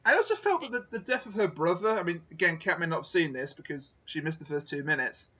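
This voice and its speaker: Wry podcast host on a dull mic. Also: male voice, a little high, lively intonation, sharp tone, slightly rough. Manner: wry, measured, fond of puns. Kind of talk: casual podcast review chat.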